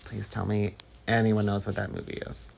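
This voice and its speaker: A man from Northern California chatting casually with his stream viewers, slow and rambling. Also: on the low side, little pitch movement, creaky, a little mellow, a little hiss or hum. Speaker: livestreamer.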